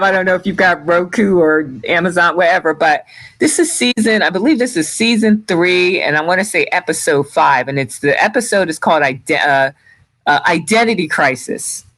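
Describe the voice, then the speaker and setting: A man hosting a casual live video chat over a call, talking in a halting, distracted way with many restarts. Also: high voice, a bit bright, poor audio. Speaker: show host sharing his screen.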